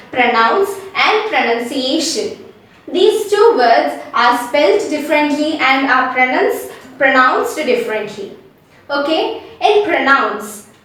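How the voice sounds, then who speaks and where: A woman teaching English pronunciation, spelling words out letter by letter and repeating them slowly. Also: sits high. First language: not English. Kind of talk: slow instructional explanation. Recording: echoey room, far from mic.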